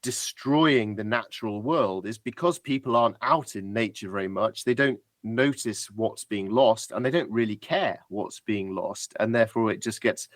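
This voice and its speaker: A man's voice: lowish voice, normal speed, few pauses, no room sound. A British man, a guest on a podcast, telling stories in a reflective, polite and chatty way. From Britain. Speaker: guest adventurer. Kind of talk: casual podcast interview.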